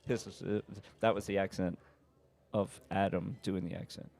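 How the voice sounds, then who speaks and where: A man's voice: sits low, fairly even intonation, normal speed, gravelly, a little mellow. A man commentating a live pool match, chatting casually and telling rambling stories with frequent laughs. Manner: rambling storyteller, laughs often.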